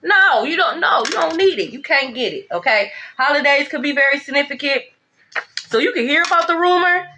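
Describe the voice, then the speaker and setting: A woman's voice: sits high, lively intonation, a little fast, sharp tone, a little hiss or hum. Sassy, profane woman reading tarot. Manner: blunt, profane, sassy and emphatic. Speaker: tarot reader. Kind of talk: casual tarot reading rant.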